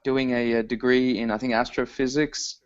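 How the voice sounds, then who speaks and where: A man's voice: mid-range voice, flat delivery, moderate pace. Hesitant man from Australia, podcast co-host, muffled lo-fi audio. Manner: hesitant, many ums and restarts. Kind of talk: casual chat.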